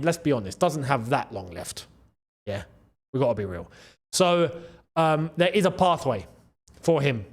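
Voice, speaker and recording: Lively, high-voiced man talking football. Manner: animated, excitable, with frequent laughs and repeated phrases. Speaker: football channel host. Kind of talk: casual football commentary to camera. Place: in the Gulf region.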